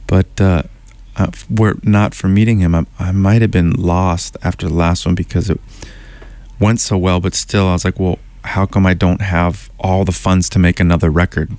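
Male musician guest, lowish voice, rambling storyteller, radio studio interview. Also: level tone, moderate pace, darkish tone, dry recording. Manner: loose, winding storyteller who circles back on himself.

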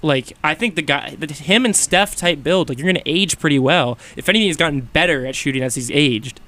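A young man hosting a college radio sports chat, animated and quick to jump in. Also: a little high. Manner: animated, talks over others, quick bursts. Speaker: radio host.

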